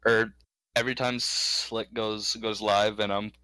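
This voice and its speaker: A young man joins a casual gaming podcast as a guest, joking around and pausing now and then as he talks. His voice is low in pitch yet bright in tone. The close mic sounds dry, with no room in it. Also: little pitch movement, clear, resonant tone, no room sound, low-quality recording. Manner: joking, laid-back, hesitant.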